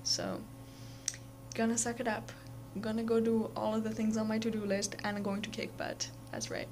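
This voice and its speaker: A woman's voice: medium pitch, little pitch movement, moderate pace, a little hiss or hum. A young woman chatting casually in a vlog, rambling with lots of fillers and restarts. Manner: rambling, many fillers and self-corrections. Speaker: vlogger.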